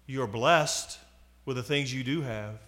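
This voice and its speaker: A man in his forties preaching a sermon, moving from loud appeals to quiet asides. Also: mid-range voice, takes it slowly. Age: 40s.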